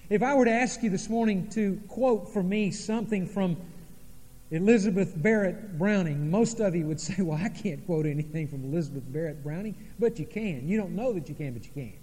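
Brief: male pastor, high voice, dramatic sermon delivery, long church reverb. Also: darkish tone. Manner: dramatic preaching, pauses and sudden drops in volume. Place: church sanctuary.

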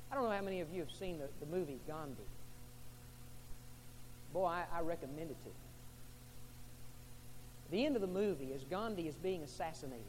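High-voiced preacher in an echoing hall. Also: male voice, a little hiss or hum. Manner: swings from soft, low passages to loud, fervent preaching. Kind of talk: sermon.

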